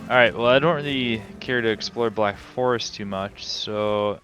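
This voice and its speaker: Casting: male co-player, low-ish voice, dry joking banter, faint music underneath. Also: normal speed, dull audio. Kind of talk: casual gaming chat.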